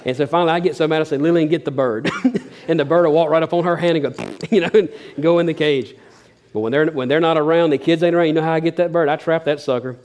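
A man's voice: fairly high pitch, fast talker, darkish tone. A man preaching a sermon, telling funny stories in a folksy way, chuckling often and stumbling over restarts. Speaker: pastor. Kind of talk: sermon with humorous storytelling.

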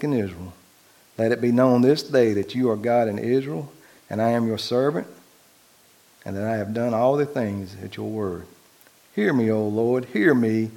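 A man preaching a sermon, reading scripture aloud and commenting on it, his voice rising louder on key lines. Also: mid-range voice. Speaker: pastor.

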